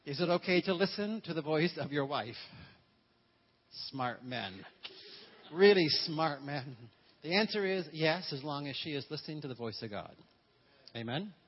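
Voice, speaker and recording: Male pastor, fairly high husky voice, playful call-and-response sermon, dull lo-fi recording. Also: expressive, fairly quick. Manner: humorous, call-and-response with congregation.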